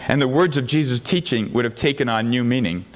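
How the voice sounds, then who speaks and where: A man's voice: mid-range voice, fairly quick. A pastor preaching a sermon, earnest and tender in his storytelling, rising to fervent emphasis.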